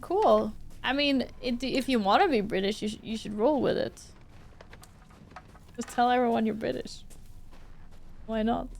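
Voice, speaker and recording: A woman's voice: fairly high pitch, unhurried, vocal fry, long pauses, slight background noise. A woman, streaming a horror game live, swearing and exclaiming at the game and chatting with her viewers. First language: Swedish. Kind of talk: live gameplay commentary.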